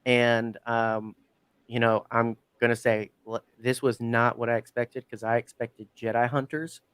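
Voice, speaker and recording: A man's voice: medium pitch, level tone, measured pace, a bit bright, smooth, no room sound. A man hosting a podcast, chatting casually and enthusiastically, rambling with lots of fillers. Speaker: podcast host. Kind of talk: casual chat.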